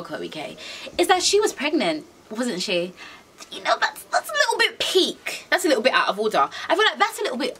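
Animated sassy young British woman vlogger. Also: medium pitch, a little hiss or hum. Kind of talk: casual rant to camera.

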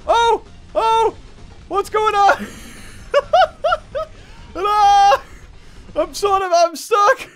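A man giving excited gameplay commentary, yelping, shouting and laughing at the game as he plays at home. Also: very high voice, drawn-out words, pauses often. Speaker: gaming video creator. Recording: game music playing behind the voice.

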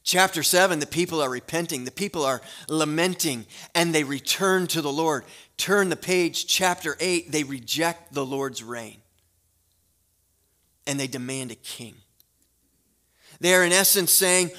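A man preaching a sermon as a guest pastor in a church, telling a story in a relaxed conversational way with fillers before a prayer. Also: fairly high pitch. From Florida. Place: church sanctuary.

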